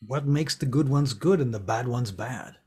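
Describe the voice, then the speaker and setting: A man's voice: mid-range voice, normal speed, a little mellow, husky. A man voicing a wary young man who keeps asking skeptical questions.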